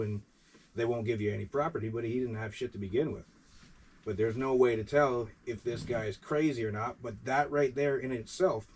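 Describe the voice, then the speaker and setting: A man's voice: medium pitch, darkish tone. A man who works as a correction officer tells a long, rambling story in an interview, quoting people with "I says" and swearing casually. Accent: New York. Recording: distant mic with faint background noise.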